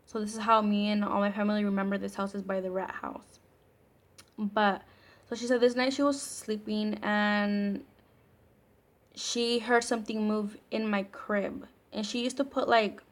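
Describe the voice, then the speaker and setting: A young woman vlogger telling a scary story in a chatty, casual way, full of fillers and the odd swear word. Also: medium pitch.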